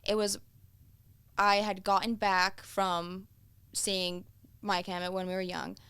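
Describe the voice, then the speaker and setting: A young woman speaks with a bright, forceful tone and a smooth, clear voice. She tells her stories in an animated, casual way, swearing freely. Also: medium pitch, slow pace. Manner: animated storytelling, frequent swearing and laughter. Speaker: guest singer. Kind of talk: casual interview chat.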